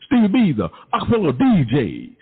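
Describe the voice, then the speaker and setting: A man's voice: high voice, wildly swooping pitch, fairly quick, breathy edge, exaggerated voice. A man doing an impression of an emphatic male awards founder, declaiming praise. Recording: tinny phone-like sound, long reverb.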